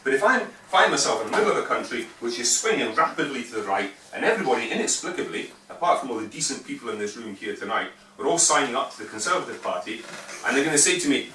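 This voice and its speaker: A man's voice: mid-range voice, big pitch swings, fast, bright, forceful tone. A man in his fifties from England, an invited speaker answering audience questions in a joking, rambling, argumentative way. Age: 50s. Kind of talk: political talk answering questions. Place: meeting room. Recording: echoey room, distant mic, faint hiss.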